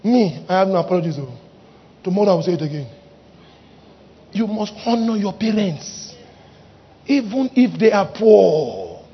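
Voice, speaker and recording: A middle-aged man, a pastor preaching a fiery sermon with shouted exhortations. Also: sits high, big pitch swings, normal speed, pauses often, breathy edge, lo-fi sound.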